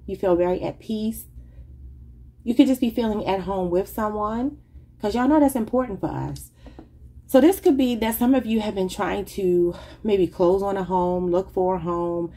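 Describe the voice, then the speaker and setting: A woman's voice: mid-range voice, normal speed, mellow. A woman giving a casual tarot reading, rambling and thinking aloud in an informal, chatty way. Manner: informal, says y'all. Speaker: tarot reader.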